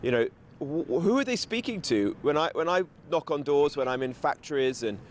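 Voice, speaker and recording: Steady campaigning male politician. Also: a little high, moderate pace, slight background noise. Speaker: politician guest. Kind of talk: political talking points.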